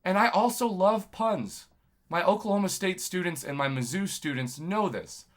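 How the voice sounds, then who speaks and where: A man, a YouTube journalist, talking to camera in a rambling, impassioned monologue full of shout-outs. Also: high-pitched, normal speed. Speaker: YouTube video game journalist.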